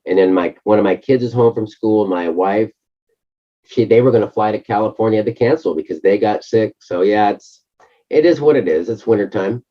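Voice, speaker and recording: A hoarse middle-aged man co-hosting a casual chat, halting often with fillers. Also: fairly low pitch. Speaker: co-host. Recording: muffled lo-fi audio.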